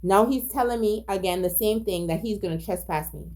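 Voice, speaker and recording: A woman's voice: medium pitch, brisk, few pauses, darkish tone. A woman telling a personal story in a casual monologue, agitated, profane, emphatic and repetitive. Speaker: storyteller recounting a personal incident.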